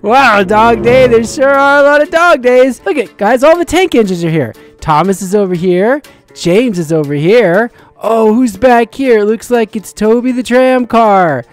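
A gameplay channel host giving excited commentary for kids, full of exclamations and calls to the viewers. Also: mid-range voice.

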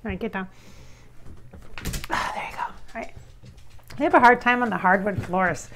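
A woman's voice: mid-range voice, moderate pace, fairly bright tone, slight background noise. A woman vlogging from a small nook in her bedroom into her phone camera, talking casually and rambling, often breaking off to call her dogs. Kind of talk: casual home vlog.

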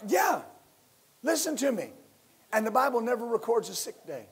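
A man preaching a sermon as pastor, building to loud emphatic bursts and leading his listeners in call-and-response. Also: very high voice, sing-song, moderate pace, creaky, breathy edge.

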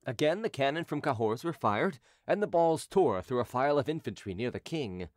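A man narrates an audiobook from a script in a steady, measured way. His voice is medium in pitch, and the studio recording is clean with no echo.

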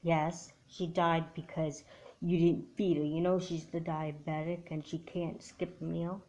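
A stern, blunt mother, acted by a woman for a homemade doll movie. She scolds in a lower voice with plain, firm delivery. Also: flat delivery, a little slow, darkish tone, highs cut off. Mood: grave. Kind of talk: home doll-movie voice acting.

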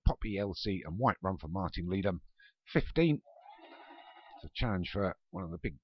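Deep-voiced man calling a horse race. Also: breathy edge. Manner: chatty, self-mocking, quick calls with hesitant fillers. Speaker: race commentator. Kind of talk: horse racing commentary for an online game league. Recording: dull lo-fi audio with loud background noise.

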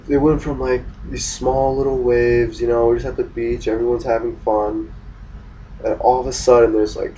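A man's voice: medium pitch, dark tone, a little hiss or hum. A young man telling a personal religious experience in a rambling, hesitant way, full of fillers. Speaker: vlogger sharing a religious testimony. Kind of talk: casual spoken testimony. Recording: voice distant from the mic.

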